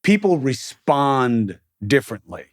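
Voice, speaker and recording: A man's voice: medium pitch, very animated, measured pace. A middle-aged man hosting an interview, talking frankly and casually in an earthy way. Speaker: podcast host. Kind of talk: conversational interview.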